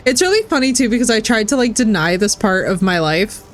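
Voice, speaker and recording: A woman's voice: medium pitch, expressive, a little fast, a little hiss or hum. A woman streaming a game, chatting casually and animatedly with friends and laughing often. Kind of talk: casual gaming stream chat.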